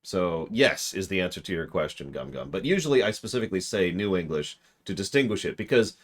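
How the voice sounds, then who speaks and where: Deep-voiced man rambling over game. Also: very animated, fairly quick. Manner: rambling, interrupts himself, answers chat. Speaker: streamer playing a video game. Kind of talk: casual live-stream commentary.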